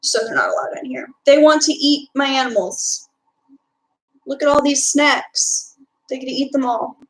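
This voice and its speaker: A woman's voice: sits high, fairly even intonation, normal speed, poor audio. A young woman from Texas with a Texan accent, chatting casually on a live stream and answering her chat. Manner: chatty, reads and answers chat, filler-heavy.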